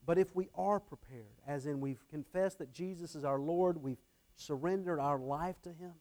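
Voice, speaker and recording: A man's voice: on the high side, normal speed, a little mellow. A man preaching a sermon earnestly, often repeating his phrases and shifting his emphasis. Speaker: pastor.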